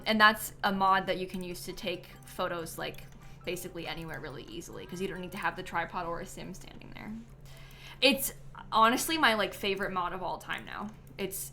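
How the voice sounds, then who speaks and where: A woman's voice: lowish voice, vocal fry, pushed and bright. A woman streaming a life-sim game live, chatting casually with many ums and likes and giggling now and then.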